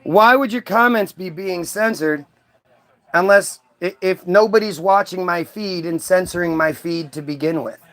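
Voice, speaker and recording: Streamer, male, high voice; combative, taunting rant at his chat. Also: moderate pace, fairly bright tone. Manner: mocking, confrontational, profane. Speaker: livestream host. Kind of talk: ranting at commenters.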